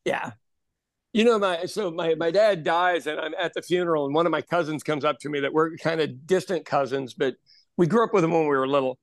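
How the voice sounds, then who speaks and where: A man's voice: a little high, a little fast, dry recording. An Irish man co-hosting a podcast, telling stories in casual chat and laughing often. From Ireland. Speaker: podcast co-host.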